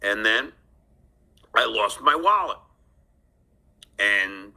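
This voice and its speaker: A man rambling through an angry personal story, restarting often and bursting into shouted swearing. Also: a little high, very animated, unhurried.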